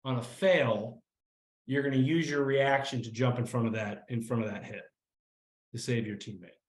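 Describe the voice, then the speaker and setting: A man running a tabletop game as game master, halting and often breaking into laughter. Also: mid-range voice, fairly even intonation, echoey room, poor audio.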